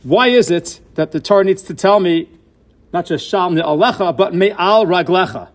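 Guy with a high voice teaching torah, keeps asking questions then answering them, drops hebrew words in. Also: lively intonation, moderate pace. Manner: mixes Hebrew and Yiddish-style terms into English. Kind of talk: Torah class lecture.

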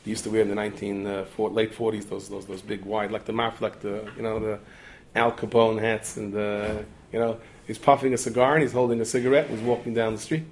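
A man giving a storytelling sermon, talking quickly with digressions, asides and repeated restarts. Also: lowish voice, little pitch movement, a little hiss or hum. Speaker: preacher telling a story.

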